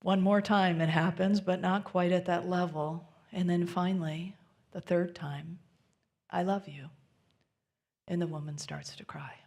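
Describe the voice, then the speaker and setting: A woman minister delivers a sermon in a low voice with a gravelly, creaky edge. Her delivery is gentle and intimate, often dropping to a soft near-whisper. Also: steady tone, moderate pace. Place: church sanctuary.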